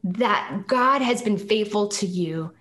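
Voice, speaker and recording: A woman's voice: medium pitch, lively intonation, a bit bright. Earnest woman sharing a faith testimony. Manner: earnest, reflective, slow and emphatic at key phrases. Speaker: podcast guest, singer-songwriter. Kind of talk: emotional personal testimony.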